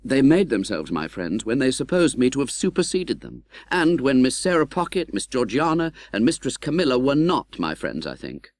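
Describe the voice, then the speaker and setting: A man reading an audiobook in scripted narration, expressive and dramatic, voicing the young hero's pleas. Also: mid-range voice, normal speed, few pauses, no echo.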